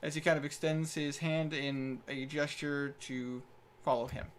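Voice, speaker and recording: A young man narrating as dungeon master in a tabletop game over voice chat, animated, with stumbling restarts. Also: fairly high pitch, measured pace, slight background noise.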